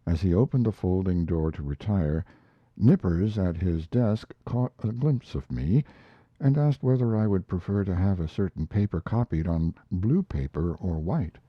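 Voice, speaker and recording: Man reading classic fiction, deep and husky, dull-sounding recording. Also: no echo. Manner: measured, expressive reading. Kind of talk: audiobook narration.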